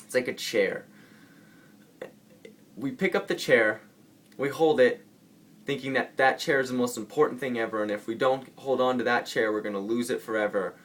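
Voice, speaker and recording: Speaking at medium pitch and a moderate pace with long pauses, this man talks casually to camera about spiritual ideas. His vlog rambles playfully, and he keeps stopping to correct himself partway through sentences.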